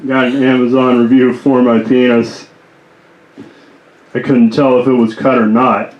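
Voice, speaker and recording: A man working through an improvised stand-up set at a slow, halting pace, laughing at his own jokes. His voice sits mid-range. The room is echoey around him. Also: medium pitch, flat delivery, highs cut off. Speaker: stand-up comic. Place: small comedy club stage. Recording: roomy club.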